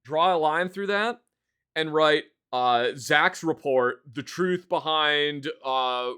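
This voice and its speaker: A man's voice: fairly high pitch, takes it slowly, pushed and bright, clear, resonant tone. A man streaming live, rambling casually about a game he just finished, with lots of fillers and the odd curse.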